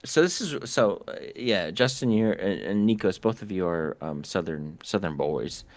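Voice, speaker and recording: Deep-voiced man telling a story. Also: moderate pace, no room sound. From northern United States. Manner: animated, profane, laughing storyteller. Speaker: podcast co-host. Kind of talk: casual storytelling.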